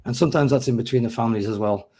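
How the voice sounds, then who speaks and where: A hoarse man with a mixed North East English accent hosts a casual football podcast. His voice sits mellow and dark, with a rough throat. He chats in a self-mocking way and reads through lists steadily. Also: mid-range voice, rapid-fire. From North East England. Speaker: podcast host.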